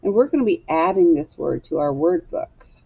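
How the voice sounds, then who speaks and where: A woman teacher leading a phonics lesson for young children, clearly drilling sounds and words for them to echo. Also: on the low side, expressive, moderate pace, dull audio.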